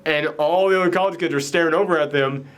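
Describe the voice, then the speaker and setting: A man hosting a casual movie review chat, retelling the plot in an animated way with lots of "like" fillers. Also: a little high, fast, clear, resonant tone. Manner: animated storytelling, frequent "like" fillers. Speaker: podcast host.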